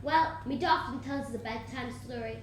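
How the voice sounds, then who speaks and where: A young woman playing an excitable child. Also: a little high, brisk, heavy reverb, slight background noise, lightly acted. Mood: chatty. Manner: excited, chatty and boastful. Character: excitable local child boasting about her dad. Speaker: youth theatre actor. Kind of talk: stage play acting.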